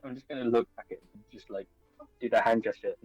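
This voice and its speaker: A man's voice: mid-range voice, steady tone, quick pace, husky, no echo, dull audio, faint music behind. A man chatting as a player in a tabletop role-playing game. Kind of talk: casual tabletop play.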